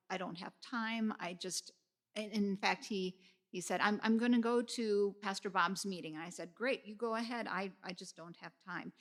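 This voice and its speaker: A woman guest on a podcast, sharing her story in a hesitant, reflective way with many pauses and fillers. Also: medium pitch, a bit bright. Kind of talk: casual podcast chat.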